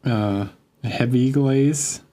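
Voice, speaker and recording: A man's voice: mid-range voice, drawn-out words, mellow. A man chatting casually and joking with viewers while painting a miniature on a live stream. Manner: joking, chatty, restarts sentences.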